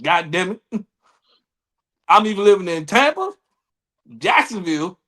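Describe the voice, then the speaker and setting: Dc area guy, high bright voice, all over the place, swears a lot, doing loud voices of other people. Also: big pitch swings, measured pace. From Washington DC area. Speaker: podcast co-host. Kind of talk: casual chat.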